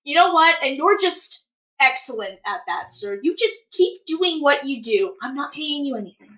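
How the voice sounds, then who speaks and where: A chirpy woman keeps an improvised voice role-play moving as its host and calls players one by one. Her voice is high and bright, and her delivery is brisk. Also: sing-song, roomy sound, low-quality recording. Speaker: host running the game.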